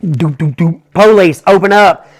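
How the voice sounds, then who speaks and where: A man putting on the deep, barking voice of police officers pounding on a door. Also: unhurried, vocal fry, darkish tone, husky, full character voice. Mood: commanding.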